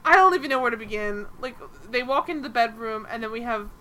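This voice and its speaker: A woman hosting a casual podcast, talking in an animated, exasperated way and swearing freely. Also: fairly high pitch, fast talker. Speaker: podcast host. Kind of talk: casual chat recapping a TV episode.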